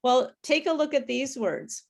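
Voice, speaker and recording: A woman tutoring English pronunciation over a video call, explaining slowly and patiently. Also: sits high, gravelly. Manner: slow, careful teacher explaining with apologies and laughs. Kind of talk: online pronunciation lesson.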